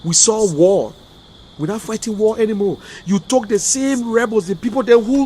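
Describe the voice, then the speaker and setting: Impassioned Liberian man, high voice. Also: normal speed, warm tone, a little hiss or hum. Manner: emotional, repetitive, rising and falling intensity. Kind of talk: impassioned political rant. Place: in America.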